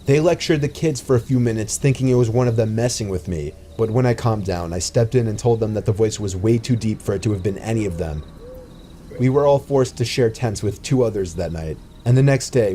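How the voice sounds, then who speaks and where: A man narrating a true scary story in a steady, scripted storytelling delivery. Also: fairly low pitch, slight background noise.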